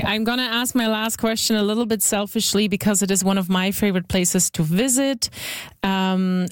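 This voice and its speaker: A woman's voice: mid-range voice, smooth, no echo. A woman hosting a radio show, friendly and conversational with some stumbles. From Saskatchewan, Canada. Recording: dry studio with faint music.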